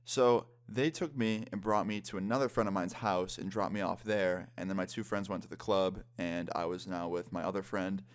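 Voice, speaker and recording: A man's voice: low-pitched, fairly even intonation, normal speed, hardly any pauses. A man in his twenties telling a story-time vlog in a casual way, swearing often. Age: 20s. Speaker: vlogger.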